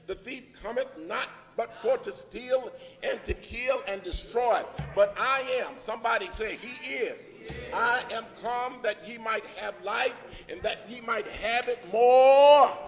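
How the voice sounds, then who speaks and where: A man's voice: very high voice, bright, forceful tone. A man preaching a Sunday morning sermon in a church, with call-and-response phrases and rising emphatic lines. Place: church sanctuary. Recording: long reverb in a church hall.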